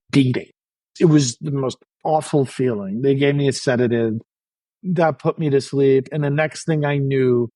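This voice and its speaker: A man's voice: medium pitch, a little mellow, no room sound, poor audio. Candid man recounting his recovery. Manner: frank, self-deprecating, many restarts. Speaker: podcast guest. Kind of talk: candid personal storytelling.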